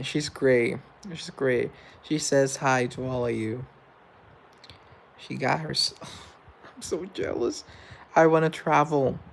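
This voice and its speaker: A man with a fairly high, gravelly voice hosts a live stream, reading viewer comments and chatting casually. He rambles, jokes, and pokes fun at himself.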